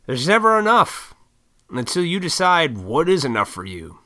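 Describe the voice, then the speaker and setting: Bright-voiced man ranting bluntly. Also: big pitch swings, normal speed. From Illinois, USA. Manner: profane, blunt, ranting, mocks others in high voices; works in restaurants. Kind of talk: casual ranting monologue.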